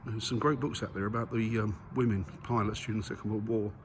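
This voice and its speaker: A man's voice: fairly low pitch, fairly even intonation, fast. A man chatting enthusiastically to viewers as he walks around a museum, filmed on a handheld camera. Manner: enthusiastic, chatty, talks to viewers while walking. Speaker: vlogger. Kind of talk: casual vlog commentary. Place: museum grounds and aircraft halls. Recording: noisy background ambience.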